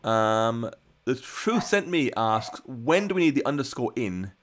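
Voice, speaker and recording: A man's voice: mid-range voice, measured pace, a little hiss or hum. A man hosting a live coding stream from home, chatting casually and answering viewer questions with plenty of ums. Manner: chatty and relaxed, many ums and restarts.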